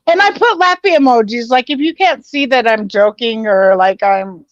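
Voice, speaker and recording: A woman's voice: fairly high pitch, no room sound. A woman hosting a casual online voice chat, swearing freely, stumbling over restarts and laughing things off. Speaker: host. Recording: dull lo-fi sound.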